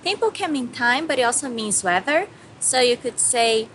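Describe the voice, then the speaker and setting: A Brazilian woman with a Brazilian Portuguese accent teaching Portuguese words, cheerfully repeating each word slowly and giving its English meaning. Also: on the high side, expressive, a bit bright. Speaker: language teacher. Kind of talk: bilingual vocabulary lesson. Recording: echoey room with faint noise.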